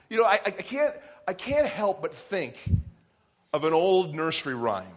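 A man preaching a sermon, telling a nursery rhyme as an animated story with shouted character voices. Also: a little high, normal speed. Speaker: pastor.

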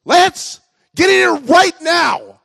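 A strict, worried old grandmother who scolds loudly in a raised, shrill voice, as a preacher puts her on. The sound is close and dry, with no room around it. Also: lively intonation, slow, creaky, dry recording, exaggerated voice. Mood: scolding. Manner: high-pitched shouting scolds.

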